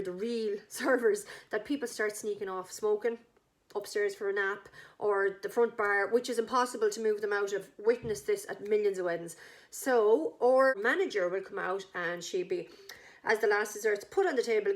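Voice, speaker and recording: An Irish woman chatting enthusiastically, pitching her wedding act to a couple and acting out the characters' lines. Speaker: wedding entertainment business owner. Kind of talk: casual sales pitch to a couple.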